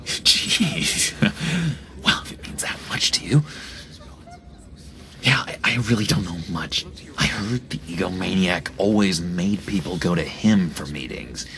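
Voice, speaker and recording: Game role: low, gravelly, unhinged ex-inmate, whispers and lurches, faint music behind. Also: male voice, animated, unhurried, background noise. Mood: evasive. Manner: erratic, whispery, swings from pleading to threatening. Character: unstable, clingy man, ex-asylum inmate with sudden menace. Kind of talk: video game voice acting.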